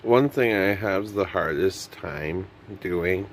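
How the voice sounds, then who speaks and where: A man's voice: deep voice, slow, a little hiss or hum. A young man vlogging to camera in a rambling, self-mocking comedic monologue that often loses its thread.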